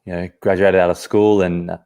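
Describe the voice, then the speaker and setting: A man, a podcast guest, telling a personal story in an earnest, halting way, often restarting his phrases. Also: sits low, level tone, dark tone, smooth, lo-fi sound.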